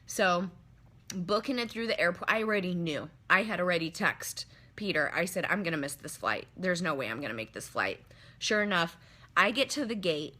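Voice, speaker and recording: A young woman telling a travel mishap to her stream viewers in a hotel room, casual and animated, swearing freely and calling her viewers "y'all" into a phone. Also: lowish voice, normal speed. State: upset after crying. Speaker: livestreamer telling a travel story.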